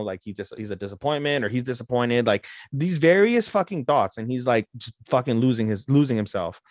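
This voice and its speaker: A man's voice: lowish voice, no echo, clean studio sound. A man co-hosting a podcast, casually recapping anime episodes in a rambling way, full of fillers and swearing. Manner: rambling, frequent fillers and profanity. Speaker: podcast co-host.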